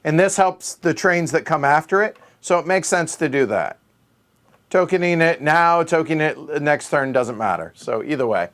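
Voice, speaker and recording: A man's voice: a little high, expressive, moderate pace, fairly bright tone. A man hosting a solo board game play-through, thinking aloud and muttering counts under his breath as he works out each move.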